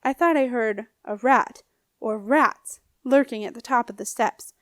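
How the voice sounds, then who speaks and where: A woman's voice: a little high, a little slow, no room sound, studio quality, lightly acted. A woman reading an audiobook, voicing a scornful, menacing old male ghost with a snappish, growling manner. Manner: sneering, bullying.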